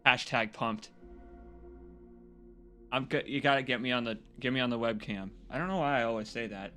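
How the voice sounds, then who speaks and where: A man chatting casually and excitedly to his viewers as a game streamer, rambling and joking. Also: fairly low pitch. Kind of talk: casual live-stream chat.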